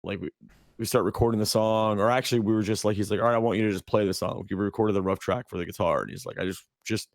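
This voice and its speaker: Man, low voice, casual rambling storytelling, lots of fillers, dry close sound. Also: fairly even intonation, fast talker, gravelly, no room sound. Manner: rambling with many fillers and restarts. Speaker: podcast co-host.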